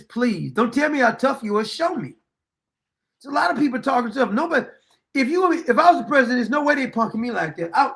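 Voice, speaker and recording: A man's voice: extremely high pitch, gravelly, a bit bright. A man hosting his own political commentary show, ranting bluntly and. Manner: blunt, profane, fired-up ranting.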